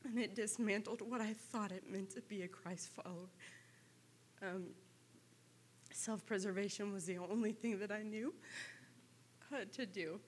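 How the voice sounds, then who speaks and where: A tearful woman shares a testimony in church, her voice soft and halting, pausing often. Her pitch sits in an ordinary middle range. A faint hum of noise lies under her words. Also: fairly even intonation. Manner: halting, soft, with many pauses and fillers. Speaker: church member giving testimony. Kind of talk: personal testimony.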